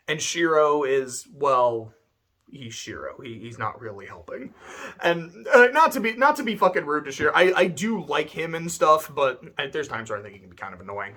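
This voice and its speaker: A man talking casually about a visual novel he played, swearing a lot and breaking into laughter as he retells scenes. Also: mid-range voice. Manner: profane, laughing, animated storytelling. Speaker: video essay host reviewing a visual novel. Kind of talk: casual spoken review.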